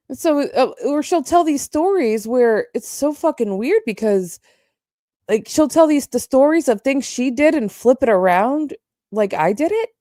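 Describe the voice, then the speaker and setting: Woman streamer, casual livestream rant, fairly high and very animated, cursing and mocking, dry close sound. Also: no echo. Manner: profane, heated, mocking.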